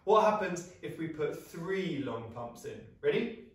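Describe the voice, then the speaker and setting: A young British man leading a children's singing assembly, upbeat and encouraging as he guides vocal warm-ups and sound effects. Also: fairly high pitch, very animated, a little slow, noisy background. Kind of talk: lively music lesson for children. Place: small flat, echoey room. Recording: echoey room, mic at a distance.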